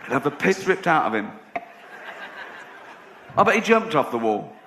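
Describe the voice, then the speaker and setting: A man's voice: fairly high pitch, big pitch swings, moderate pace. Brash man doing stand-up, echoey hall. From England. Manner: brash, profane, storytelling with laughter. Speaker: comedian. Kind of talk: stand-up comedy. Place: live comedy venue. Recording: echoey live venue with room noise.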